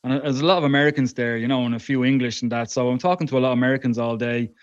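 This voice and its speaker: A man co-hosting a casual chat over a video call, easygoing and quick to agree and laugh. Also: mid-range voice, steady tone, smooth, no echo. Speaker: co-host. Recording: dry, dull lo-fi mic.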